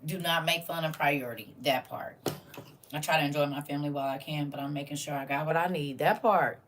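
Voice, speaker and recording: A woman's voice: deep voice, fairly even intonation, quick pace, distant mic, slight background noise. Earnest woman livestreaming, a bit off-mic. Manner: earnest, preachy, addresses listeners as family. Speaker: livestream host. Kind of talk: casual livestream talk to viewers.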